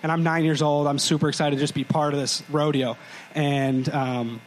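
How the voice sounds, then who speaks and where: A man's voice: fairly high pitch, flat delivery, normal speed, a little hiss or hum, poor audio. Young man joking on a live stage. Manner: joking asides, scene-setting storyteller. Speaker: podcast co-host. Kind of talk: live comedic storytelling. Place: live stage before a crowd.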